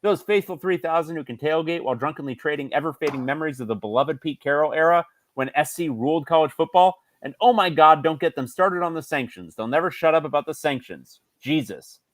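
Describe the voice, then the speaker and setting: A man's voice: on the high side, fairly quick, few pauses, no room sound, pitched above the performer's own voice, natural voice. A man voicing a whiny, exasperated male football fan reading out a rant.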